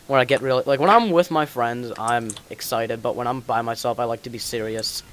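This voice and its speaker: A teenage boy hosts a casual online podcast, rambling and joking with friends and laughing often. His voice is medium-pitched, brisk and a little bright. Faint hiss and keyboard clicks can be heard in the recording.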